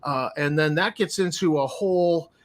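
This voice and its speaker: A man with a somewhat raised pitch co-hosts a casual chat show. He speaks in a measured way, pausing often on hesitations as he thinks aloud. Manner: measured, with frequent "uh" pauses. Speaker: podcast co-host.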